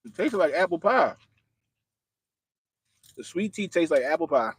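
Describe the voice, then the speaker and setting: A man's voice: on the high side, animated, measured pace, a bit bright, breathy edge, no room sound. A man hosting a casual livestream, talking straight to his viewers in loose, slangy everyday speech. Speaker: livestream host.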